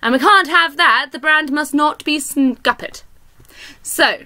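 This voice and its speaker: A young British woman, an indie author, chatting casually to camera in an animated, giggly and sweary way. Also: high voice, slow. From Britain.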